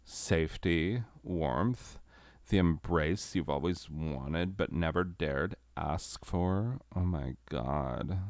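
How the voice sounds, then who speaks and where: A man doing a hushed, sultry romance narrator. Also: rumbling low, no echo, heavily acted. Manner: hushed, slow, seductive.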